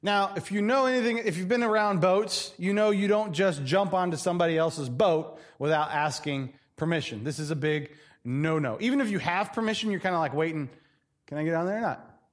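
Middle-aged male pastor, high-ish voice, animated preaching that acts out quoted voices. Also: fairly quick. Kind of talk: sermon.

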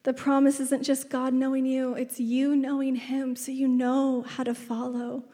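With a high, mellow and monotone voice, a woman in her thirties preaches unhurriedly in a large church hall whose reverb lingers. As a pastor she tells stories conversationally, laughs a lot and sinks to a whisper when things get tender.

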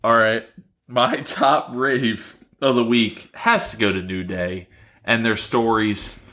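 A man with an average-pitched voice and a bright, forward tone chats casually as a co-host. He is easygoing and laughs often. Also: steady tone, slow pace. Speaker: wrestling podcast co-host. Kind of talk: casual chat.

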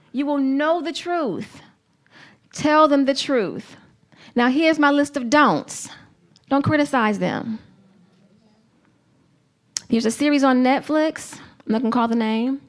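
A woman preaching a sermon to a congregation, earnest and emphatic, with slow, deliberate phrasing. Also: high-pitched.

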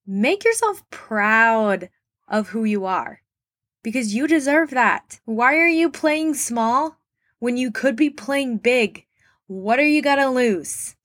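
A woman's voice: on the high side, lively intonation, slow, fairly bright tone. A young woman hosting a motivational podcast, talking straight to her listeners in an earnest, encouraging way with lots of questions. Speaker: podcast host.

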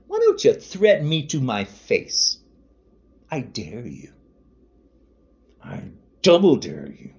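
A man podcasting an angry political rant, furious and repetitive, hurling insults. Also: lowish voice. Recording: dull lo-fi audio.

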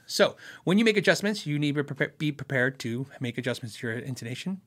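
A man hosting a casual live question-and-answer chat about guitars, rambling easily with fillers, restarts and quick laughs. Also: mid-range voice, bright, forceful tone. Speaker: livestream host answering viewer questions on guitars.

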